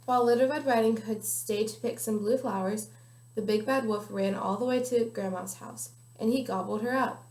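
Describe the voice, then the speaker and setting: A woman's voice: a little high, fairly even intonation, moderate pace, a little mellow. A young woman reading a children's picture book aloud carefully, with small slips now and then. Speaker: guest reader. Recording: echoey room.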